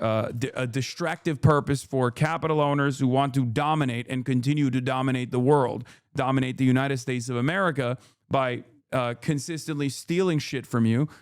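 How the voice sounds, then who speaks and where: A man's voice: mid-range voice, clear, resonant tone, dry recording, clean studio sound. A man in his thirties giving heated casual commentary as a streamer reacting to news clips, emphatic and direct, often calling the listener "brother". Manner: emphatic, calls listener "brother", frequent restarts and "okay?".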